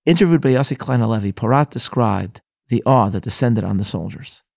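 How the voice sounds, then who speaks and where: A man in mid pitch narrates a Bible lesson with earnest, solemn weight. His voice carries a gravelly fry, and the close recording has almost no room sound. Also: a little fast, a little mellow, dry recording. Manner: earnest, reads scripture aloud with solemn emphasis. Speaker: rabbi teaching a daily Bible lesson.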